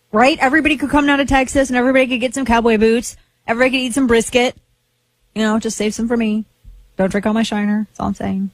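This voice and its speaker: A woman's voice: fairly high pitch, fairly even intonation, quick pace, no echo. A woman hosting a talk radio show, chatting casually in a rambling, playful way with lots of asides.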